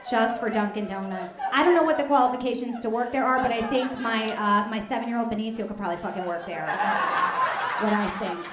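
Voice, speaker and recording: A woman in her thirties doing stand-up on stage, with a deadpan, chatty delivery. The room is echoey, and loud audience noise sits behind her. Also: a little high, fairly quick. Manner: deadpan, conversational, drops into asides. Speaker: stand-up comedian. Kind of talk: stand-up comedy set. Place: stage at a live comedy fundraiser.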